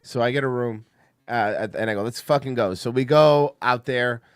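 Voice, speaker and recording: A man's voice: mid-range voice, normal speed, clear, resonant tone, no echo, studio quality. A man co-hosting a podcast, telling a story in casual chat with lots of restarts. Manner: rambling, restarts a lot. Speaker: podcast co-host.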